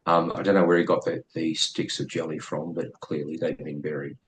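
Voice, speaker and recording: A middle-aged man with an Australian accent, telling a story as a podcast guest in a blunt, profane and lively way. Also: a bass voice, fairly quick, a little hiss or hum, poor audio. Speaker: guest, former police officer.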